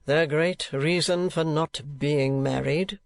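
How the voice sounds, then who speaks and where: A man voicing a pompous, penny-pinching older male rate collector, slow and fussy in his talk. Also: fairly high pitch, fairly even intonation, creaky.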